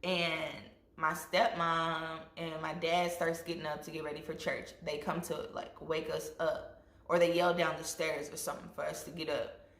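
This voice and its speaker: A young woman vlogger telling a storytime with lively asides to her viewers, acting out what people said. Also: deep voice, normal speed. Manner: animated, addresses viewers as y'all, acts out quotes. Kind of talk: storytime vlog. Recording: echoey room.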